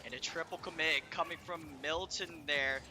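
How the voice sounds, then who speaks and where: A young man doing brisk play-by-play commentary on an esports match, calling out player names. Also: on the high side, fairly even intonation, background noise. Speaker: esports caster.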